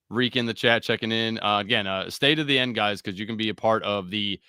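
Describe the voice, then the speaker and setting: A man's voice: lowish voice, fairly quick, pushed and bright, clean tone, dry recording, studio quality. A man co-hosting a sports betting show, giving picks in a laid-back, joking way and laughing between them. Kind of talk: casual sports betting chat.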